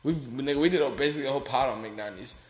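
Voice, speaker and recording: A man's voice: medium pitch, very fast, echoey room. A man co-hosting a podcast, chatting casually and profanely about music, often talking over his co-host. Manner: loose, profane, talks over others.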